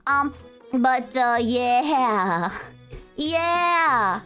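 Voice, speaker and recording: A young woman from Romania streams live with a high, bright-pitched voice. She rambles playfully to her chat, swears now and then, and faint music runs behind her. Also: lively intonation, very slow.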